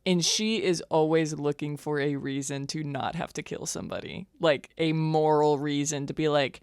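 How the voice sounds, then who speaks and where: Brief: eager woman player, low voice, dry close sound. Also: steady tone, normal speed, hardly any pauses, darkish tone, smooth, no echo. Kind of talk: casual chat.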